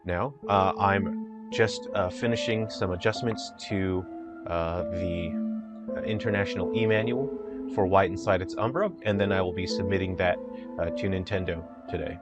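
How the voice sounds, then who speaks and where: A man who develops indie games, giving an earnest, unhurried, plain-spoken video update. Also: low-pitched, fairly even intonation, loud music behind the voice.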